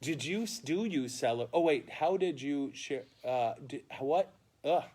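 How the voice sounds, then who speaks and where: Brief: male priest, somewhat high voice that swoops a lot, animated comic storyteller, casual talk. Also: unhurried. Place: indoors at a funeral home, live stream.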